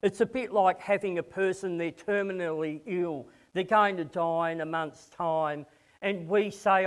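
A man's voice: high-pitched, fairly even intonation, a little slow, clean tone. A man preaching a conversational sermon to a congregation, often repeating words as he starts a phrase.

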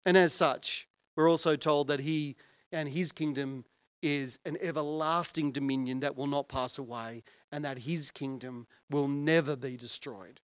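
A man's voice: a little high, steady tone, a little slow, clean tone, no echo. A male pastor preaching a sermon in an earnest, conversational way and putting questions to his listeners.

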